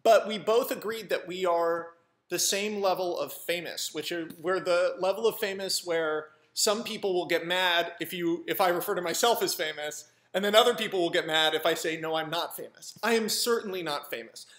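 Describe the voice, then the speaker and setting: High-pitched young guy telling a story, rambly and sweary, echoey room. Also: moderate pace. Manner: animated, rambling, profane. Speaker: screenwriter. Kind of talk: casual storytelling monologue. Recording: roomy echo.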